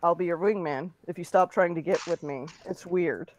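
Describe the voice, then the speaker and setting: A woman's voice: lowish voice, moderate pace, lightly acted. A woman voicing a blunt, weary young man who just wants to stay friends. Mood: exasperated. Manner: blunt, flat.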